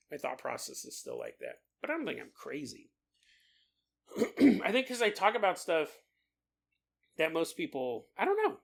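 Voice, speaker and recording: A man hosting a podcast livestream, telling stories in a casual, animated way and laughing often as he reads listener comments. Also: fairly high pitch, creaky. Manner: animated storyteller, laughs often mid-sentence. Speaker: podcast host.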